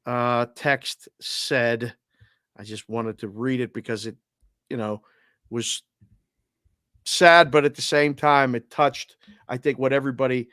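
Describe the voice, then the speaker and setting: Male podcast co-host, mid-pitched and heartfelt, dry close-miked studio sound. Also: fairly bright tone, dry recording. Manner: earnest, heartfelt, reads listener messages aloud. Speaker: sports betting podcast co-host. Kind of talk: casual podcast chat.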